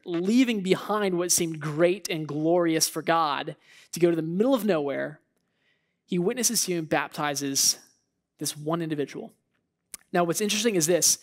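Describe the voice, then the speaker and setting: Storytelling church preacher. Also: mid-range voice. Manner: storytelling, acts out biblical figures' thoughts; conversational with laughs and asides. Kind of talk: sermon.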